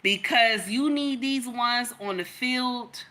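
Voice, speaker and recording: A woman speaks in a bright, somewhat high voice. She tells stories as she makes a point and comes back to the same lines again and again for emphasis, in the way of a casual opinion vlog. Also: takes it slowly. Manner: emphatic, storytelling, repeats points. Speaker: content creator.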